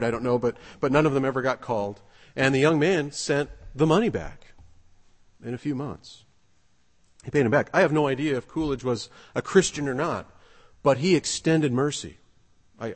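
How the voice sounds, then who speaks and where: A man delivers a sermon with a middle-pitched voice, talking in an earnest, conversational storytelling manner. His voice rings out with a long reverb, as if in a large hall. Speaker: pastor.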